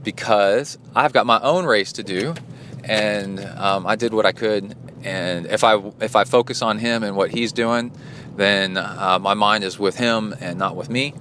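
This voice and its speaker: A man's voice: fairly low pitch, a little slow, a bit bright, a little hiss or hum. A man hosting a podcast as a coach, telling a story in a rambling, indignant way with many fillers. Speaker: podcast host and endurance coach. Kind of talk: casual storytelling monologue.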